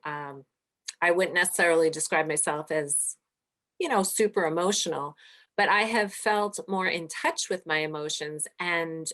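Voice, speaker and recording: A woman's voice: low-pitched, fairly bright tone. A woman hosting an interview, talking in a chatty way and sharing personal anecdotes with frequent fillers. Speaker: podcast host. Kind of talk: conversational interview.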